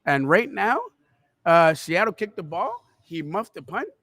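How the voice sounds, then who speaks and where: A chatty man with a high voice gives casual live football commentary for his podcast. He rambles and keeps calling his listeners kids. The sound is dry and close. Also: animated, unhurried, fairly bright tone, no room sound. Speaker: podcast host. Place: restaurant.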